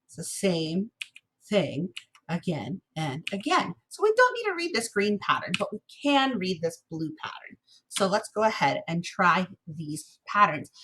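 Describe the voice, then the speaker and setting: Woman music teacher for a recorded class lesson, bright and slightly husky, patient and encouraging. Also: mid-range voice. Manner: patient, encouraging, chants rhythm syllables slowly.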